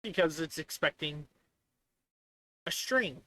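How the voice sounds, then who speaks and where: A man streaming live while coding, rambling in exasperation and mocking the software by voicing what it says back to him. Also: a little high, expressive, slow. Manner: exasperated, rambling, mocks the software in quoted voices.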